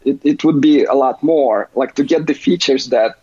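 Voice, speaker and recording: A man talking as an interview guest, halting and full of restarts and "you know" fillers. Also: on the high side, darkish tone, slightly rough. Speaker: interview guest, software developer. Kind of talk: casual interview. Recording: dull, lo-fi recording.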